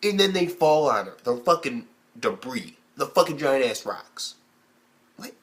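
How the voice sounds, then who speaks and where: A young man rants through an anime episode review in a loose, profane, conversational way. He keeps jumping into quick impressions of the characters, his voice shooting up high in disbelief before dropping back to his ordinary middle-pitched talk. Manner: animated, heavy swearing, acts out characters in high squeaky bursts. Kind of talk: casual profane video review.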